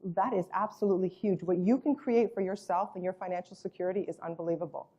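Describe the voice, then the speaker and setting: A woman's voice: lowish voice, quick pace, warm tone, husky, dull audio. A woman presenting a network marketing business and its products, speaking emphatically, with repeated superlatives and a storyteller's habit of acting out quotes. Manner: acts out quoted voices in storytelling. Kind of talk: sales presentation.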